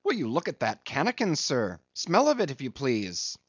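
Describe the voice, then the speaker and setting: This is a brash old-ship sailor mate, as a man puts him on for an audiobook, loud and mocking, his voice leaping wildly high. The sound is dry and a little muffled. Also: huge pitch swings, slightly rough, dry recording. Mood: blustering. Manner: loud, mocking, fast-rising outbursts. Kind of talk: audiobook reading.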